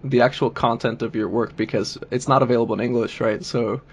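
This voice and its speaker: Easygoing male podcast host, middle pitch, relaxed, conversational. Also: fairly quick, slightly rough. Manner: relaxed, laughs often, restarts words. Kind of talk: casual podcast interview.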